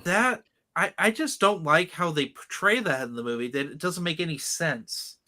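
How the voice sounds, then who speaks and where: Chatty guy with a bright slightly high voice, opinionated, rambles in a podcast chat. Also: normal speed. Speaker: podcast host. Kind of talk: casual chat.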